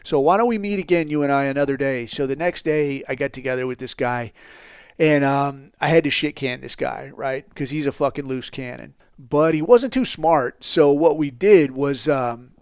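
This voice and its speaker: Middle-aged male podcast host, crude swearing storyteller, smooth voice, dry close sound. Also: mid-range voice, normal speed, dry recording. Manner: crude, profanity-heavy, animated when quoting others. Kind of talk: profane storytelling monologue.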